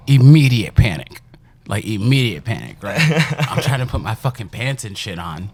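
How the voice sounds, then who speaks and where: A man's voice: on the low side, normal speed, slightly rough. A young man from Chicago, a podcast guest telling stories in casual chat, swearing freely and laughing as he goes. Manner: profane, laughing, animated storyteller. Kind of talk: casual storytelling.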